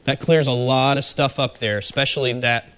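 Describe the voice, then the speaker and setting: A man's voice: mid-range voice, fairly even intonation, normal speed, a bit bright. A man teaching a small-group Bible study, talking conversationally and putting questions to the group. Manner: conversational, asks the group questions, frequent fillers.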